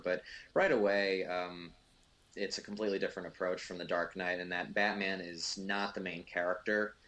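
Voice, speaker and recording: A man's voice: deep voice, sharp tone. A man giving casual, rambling film commentary as co-host, full of fillers and restarts.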